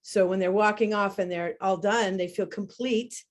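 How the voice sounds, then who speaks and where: A woman teaching about horse behavior in a webinar conversation, talking in an animated way and demonstrating sounds as she explains. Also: medium pitch, normal speed.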